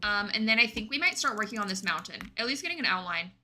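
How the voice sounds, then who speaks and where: A woman's voice: mid-range voice, animated, quick pace, background noise. A woman streaming a game, chatting casually and answering her chat as she plays. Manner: chatty, reads and answers chat while playing. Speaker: gaming streamer.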